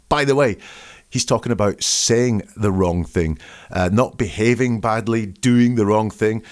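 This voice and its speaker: A man with a somewhat low voice delivers analytical commentary as a show host. He talks with emphasis and breaks statements down word by word. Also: unhurried. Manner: emphatic, dissecting phrases word by word.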